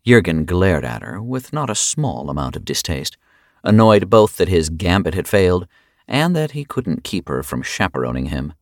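Expressive deep-voiced male narrator. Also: moderate pace, no echo, clean studio sound. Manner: expressive, wry. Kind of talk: audiobook narration.

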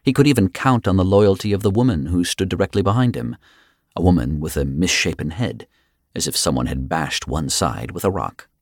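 Deep-voiced man narrating an audiobook. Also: brisk, dry recording, studio quality. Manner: dramatic, expressive storytelling. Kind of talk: scripted narration.

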